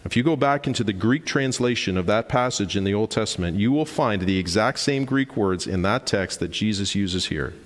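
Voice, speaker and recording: Pastor preaching in a reverberant hall. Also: male voice, on the low side, animated, moderate pace, hardly any pauses. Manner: emphatic, rhetorical questions, explains terms plainly. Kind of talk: sermon.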